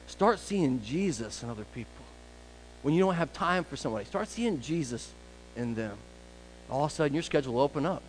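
A male pastor preaching a conversational sermon, full of casual asides and rhetorical questions, sometimes brisk and sometimes drawn out. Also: medium pitch, lively intonation, a little hiss or hum, poor audio.

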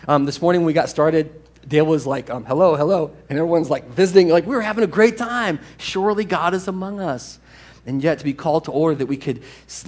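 A man preaching a sermon as pastor in a church, animated and storytelling, at times putting on excited voices. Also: a little high. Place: church sanctuary.

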